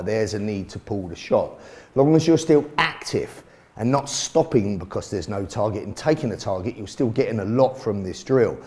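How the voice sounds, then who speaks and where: A man coaches a self-defence drill in plain, blunt terms, swearing casually as he explains. His voice sits at an ordinary middle pitch. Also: lively intonation, normal speed, mellow. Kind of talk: instructional commentary.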